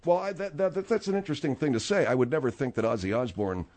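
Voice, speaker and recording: A man's voice: medium pitch, quick pace, darkish tone. A man hosting a radio comedy talk show, incredulous and needling as he questions his guests.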